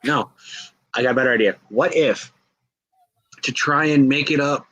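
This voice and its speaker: Husky-voiced man chatting casually. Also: medium pitch, bright, forceful tone, dry recording, low-quality recording. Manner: halting, playful, acts out scenes. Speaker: co-host. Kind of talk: casual fantasy-booking chat.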